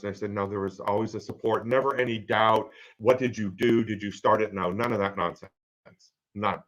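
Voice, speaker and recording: Halting man in his fifties, low voice. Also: a bit bright, rough recording. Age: 50s. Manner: halting, earnest, pauses with many fillers. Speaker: guest sharing his story. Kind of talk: personal storytelling.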